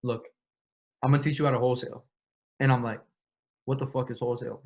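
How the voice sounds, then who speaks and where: A young man speaks as an interview guest, recounting events in loose, slangy talk. He swears freely and acts out both sides of conversations. His voice sits at an ordinary middle pitch. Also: flat delivery. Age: young adult. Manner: slangy, profane, quick retelling with quoted dialogue. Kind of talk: casual storytelling.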